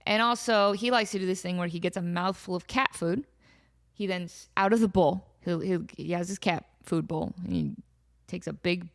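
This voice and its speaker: A woman hosting a casual comedy podcast, animated and laughing often as she riffs and quotes her cat. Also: mid-range voice. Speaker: podcast host. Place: home in desert valley.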